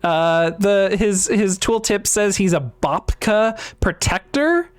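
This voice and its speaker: A man's voice: high-pitched, takes it slowly, clear, resonant tone. Hesitant, laughing male book podcaster. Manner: hesitant, many ums, laughs often. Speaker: podcast co-host. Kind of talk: casual book discussion, reading passages aloud.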